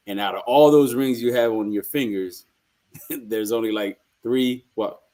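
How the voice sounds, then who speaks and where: A man's voice: mid-range voice, a little slow, warm tone. A man co-hosting a casual sports podcast, telling stories and restarting his words often. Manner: storytelling, repeats words as he starts. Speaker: podcast co-host.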